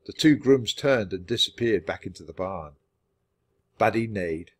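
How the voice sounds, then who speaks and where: Lively man reading a children's book. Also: lowish voice. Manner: clear, steady, unhurried. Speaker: narrator. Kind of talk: children's book read-aloud for language learners.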